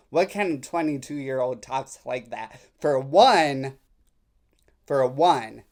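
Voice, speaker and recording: A man commenting casually on text messages he reads out, sarcastic and mocking, rambling with fillers. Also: medium pitch.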